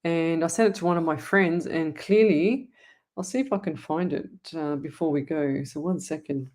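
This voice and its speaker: A woman's voice: sits low, normal speed, a little mellow. An Australian woman hosting a live psychic stream, chatting to viewers in a rambling, affectionate way. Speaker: psychic medium host. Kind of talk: casual live-stream chat.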